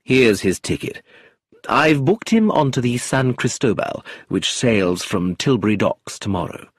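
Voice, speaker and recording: Man voicing an earnest, gentle husband. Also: mid-range voice, lively intonation, unhurried, breathy edge, no room sound, studio quality. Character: fond, anxious middle-aged husband.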